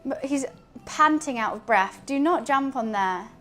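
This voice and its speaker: A woman's voice: high-pitched, lively intonation, measured pace, a bit bright, soft background music. A woman streaming as she cooks, chatting in a scattered, casual way and talking to her cat. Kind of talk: casual cooking stream chat.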